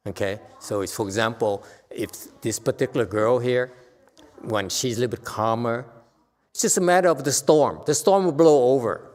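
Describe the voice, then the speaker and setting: A man, a Buddhist meditation teacher, giving a Dharma talk to a class, earnest and growing emphatic. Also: medium pitch. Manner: earnest, grows emphatic and animated, with laughs. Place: temple hall. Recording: long reverb of a hall.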